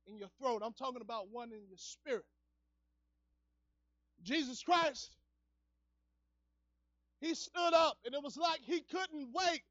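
During a church service, a male evangelist preaches fiercely, dropping into low murmurs before rising to fervent shouts. It's a dry, dull, lo-fi recording.

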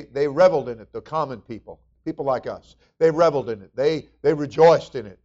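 A man preaching a sermon as pastor, rising to shouted exhortations and then dropping to quiet, folksy asides, with frequent repeats and restarts. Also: fairly high pitch, dull audio.

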